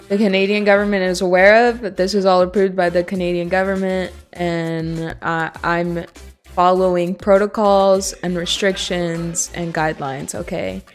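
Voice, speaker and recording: A young woman streamer telling a story in casual, chatty talk, full of "like" and other fillers, recorded in a basement. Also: mid-range voice. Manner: chatty, filler-heavy, lots of "like". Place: basement of a house.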